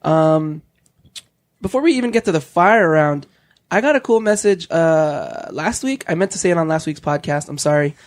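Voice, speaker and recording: A man's voice: on the high side, animated, normal speed. A man hosting a casual podcast chat who laughs often between his phrases. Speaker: podcast host.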